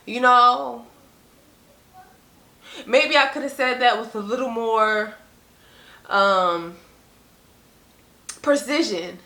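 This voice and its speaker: A young woman speaks in a casual, earnest vlog monologue, her voice bright and forward. She leans on "like" and "you know" and slips into animated quotes of other people. The room around her gives the sound a noticeable echo. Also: fairly high pitch, measured pace. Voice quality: conversational, frequent "like" and "you know". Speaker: vlogger.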